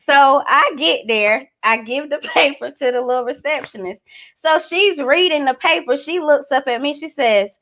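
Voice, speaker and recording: A woman tells a personal story with lively energy, acting out every voice. Her high, bright voice comes through muffled, lo-fi audio. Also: normal speed. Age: 30s. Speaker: guest. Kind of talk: storytelling in casual chat.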